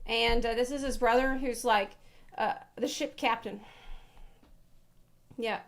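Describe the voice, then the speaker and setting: A woman's voice: on the high side, steady tone, slow. A woman streamer giving rambling live reaction commentary, laughing and swearing freely.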